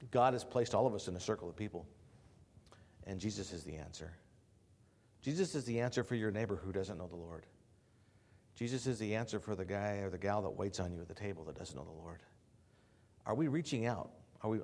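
A man preaches a sermon to his congregation, moving between quiet, low passages and loud, emphatic preaching. He often repeats words and restarts phrases, and his voice has a breathy edge.

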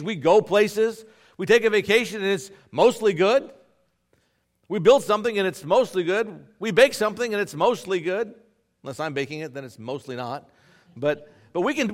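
A man preaching a sermon to a congregation in a church, swinging between loud emphatic lines and quiet asides. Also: high voice. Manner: animated preaching with sudden loud and soft swings. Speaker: pastor.

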